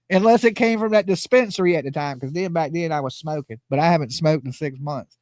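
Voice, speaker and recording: A man's voice: on the high side, a little fast, few pauses, darkish tone, no echo, clean studio sound. A man hosting a casual livestream, joking, rambling and laughing often. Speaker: livestream host commenting on a trial.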